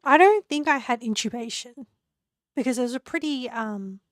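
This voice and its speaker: A young woman streaming from home, talking casually to her chat with a hoarse, squeaky voice she says she is losing, rambling and laughing often. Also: lively intonation, moderate pace, no room sound, clean studio sound. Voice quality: squeaky, creaky voice. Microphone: desk mic.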